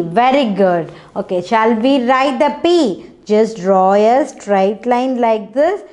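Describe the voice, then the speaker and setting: Young woman, indian english accent, children's phonics lesson, encouraging, sing-song chants, high pitch. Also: expressive, darkish tone. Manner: slow, patient, encouraging, sings short chants.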